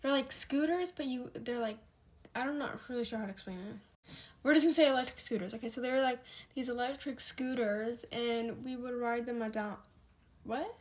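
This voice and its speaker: A woman's voice: a little high, normal speed. A young woman telling a casual get-ready-with-me storytime, rambling with lots of fillers and restarts.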